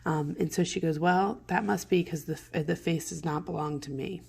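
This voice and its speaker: A woman teacher reading a play aloud and explaining it to students in casual, modern paraphrase, with throat clearing from morning allergies. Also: low-pitched, steady tone, normal speed, noisy background. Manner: conversational, paraphrases lines in plain modern words.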